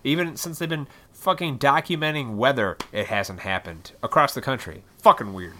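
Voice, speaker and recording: A man in his thirties from Illinois, ranting casually and profanely on his own podcast, rambling and bursting into loud, excited outbursts. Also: medium pitch, normal speed, a little hiss or hum. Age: 30s. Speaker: podcast host. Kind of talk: casual solo podcast rant.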